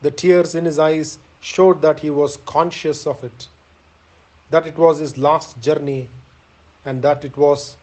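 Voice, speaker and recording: A man narrating an ancient epic, reading in a measured, solemn way. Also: a little high, steady tone, darkish tone, low-quality recording. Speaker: reader.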